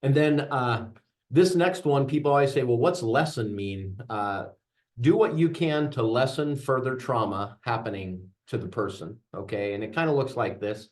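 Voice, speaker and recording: A man's voice: medium pitch, expressive, moderate pace. Man leading a veterans workshop. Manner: earnest, joking storyteller addressing audience. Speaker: veteran trainer. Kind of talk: interactive workshop talk.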